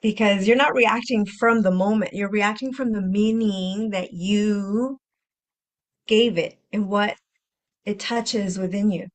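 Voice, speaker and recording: A woman hosts a healing-focused podcast in a gentle, reflective self-help tone. Her voice sits at a medium pitch. She often repeats phrases and slips into soft, sighing inner-voice asides. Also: slow pace. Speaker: podcast host and healing coach.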